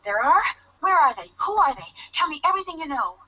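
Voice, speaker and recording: A persistent young detective in a video game, eager and insistent. Her voice is high and bright. The game audio sounds dull and lo-fi. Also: big pitch swings, fairly quick, exaggerated voice. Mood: determined.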